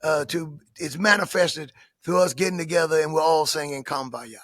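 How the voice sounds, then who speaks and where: An older man, a bishop, giving emphatic answers in a preaching manner, moving from soft tones to shouted emphasis. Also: a little high, normal speed, dry recording, clean studio sound. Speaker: bishop and pastor.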